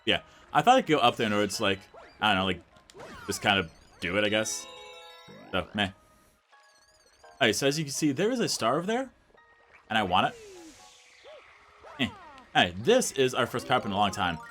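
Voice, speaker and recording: A man's voice: on the low side, sing-song, fairly quick, pauses often, sharp tone. A young man casually commenting on his own gameplay as a let's play host, rambling and stuffing his sentences with "like". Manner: rambling, fills every sentence with "like". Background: faint game music.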